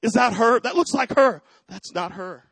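Middle-aged male pastor, high voice, dry close sound; storytelling sermon that builds to fervent shouts. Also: normal speed, husky, no echo, poor audio. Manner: personal storytelling that swells into loud preaching.

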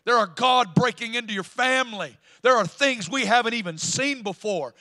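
High, bright-voiced Southern preacher man. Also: moderate pace. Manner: emphatic preaching, building to loud declarations. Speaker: pastor. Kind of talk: sermon. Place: church sanctuary.

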